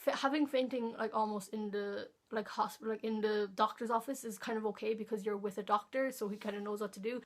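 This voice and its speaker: Rambling teen girl telling a story. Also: medium pitch. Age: teens. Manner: rambling, many fillers and restarts. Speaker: vlogger. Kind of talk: casual storytime vlog.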